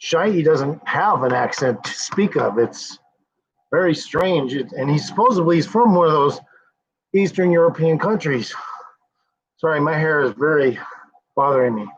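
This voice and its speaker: A man's voice: a little high, lively intonation, moderate pace. A man hosting a casual livestream, rambling and cursing freely, often trailing off with fillers. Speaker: livestream host. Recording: dull lo-fi sound.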